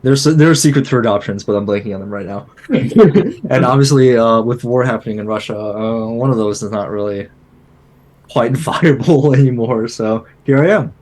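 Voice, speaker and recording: A man's voice: medium pitch, expressive, normal speed, darkish tone. A young man in his twenties, a guest on a podcast, talking casually over a video call and laughing between phrases. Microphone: home computer mic on a video call.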